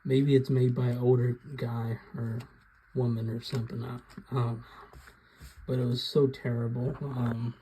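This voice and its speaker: A man's voice: mid-range voice, level tone, normal speed, mellow, slight background noise, poor audio. A man hosting his own video, giving a casual, rambling rant about films with frequent hesitations. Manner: rambling, hesitant, many ums. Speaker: video host.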